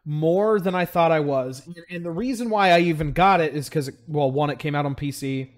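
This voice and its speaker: Rambling young man, slightly high voice. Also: brisk. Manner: relaxed, rambling with many fillers. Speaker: podcast host. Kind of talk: casual chat.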